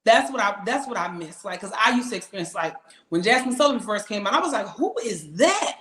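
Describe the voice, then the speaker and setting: Young woman singer from atlanta, lively and candid, roomy echo around her. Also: medium pitch, fast talker. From Atlanta, Georgia. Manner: lively, emphatic and candid, with frequent laughs. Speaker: singer and podcast guest. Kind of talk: casual interview chat.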